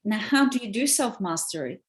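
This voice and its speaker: A woman relationship coach talking in an interview, animated and emphatic, driving her points home with repetition. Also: medium pitch, fairly quick. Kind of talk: interview conversation.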